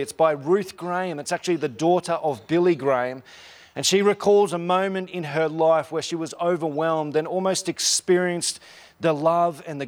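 Male pastor with a slightly raised voice, casual storytelling sermon. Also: on the high side. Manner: relaxed storytelling with frequent restarts; earnest, slows to stress key lines. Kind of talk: conversational sermon.

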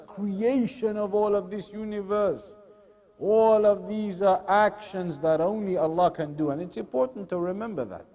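A man's voice: high voice, darkish tone. A man teaching an Islamic lesson, earnest and fond of repeated rhetorical questions. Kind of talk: religious lesson.

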